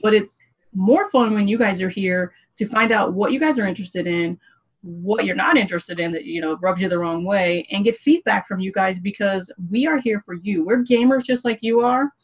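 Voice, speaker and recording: A woman's voice: medium pitch, normal speed, husky, rough recording. A woman hosting a gaming livestream panel. She talks to viewers in an earnest, rallying way and swears casually. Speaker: host.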